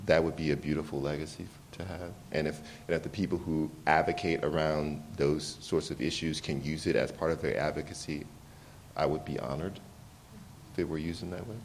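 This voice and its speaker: A man's voice: very deep voice, a little hiss or hum. A man, an author, telling personal stories in an interview with frequent restarts and laughter. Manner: animated, laughs often, halting restarts. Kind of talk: candid conversational storytelling.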